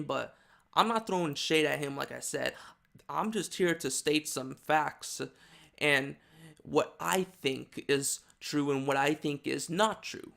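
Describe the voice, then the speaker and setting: A man's voice: on the high side, measured pace, vocal fry, fairly bright tone. A man giving casual, rambling video commentary with many fillers and restarts. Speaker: YouTube commentator.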